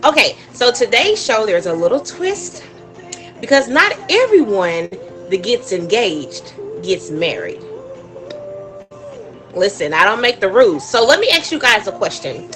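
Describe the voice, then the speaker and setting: Bubbly woman hosting a lively live stream. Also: mid-range voice, a little slow, soft background music. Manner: bubbly, chatty, laughs often. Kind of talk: live-stream chat with viewers.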